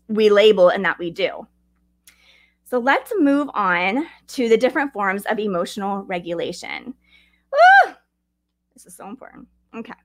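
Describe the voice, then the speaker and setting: A woman, hosting a podcast. She teaches in a chatty, animated way, mixing lessons with personal stories and talking straight to her listeners. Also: medium pitch, no echo. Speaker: podcast host.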